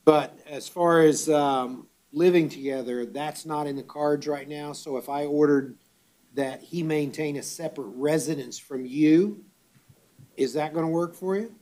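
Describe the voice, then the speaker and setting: In a courtroom bond hearing, a judge formally and deliberately reads out charges and bond conditions. His tone is darkish though somewhat high for a man, and he pauses on fillers as he goes.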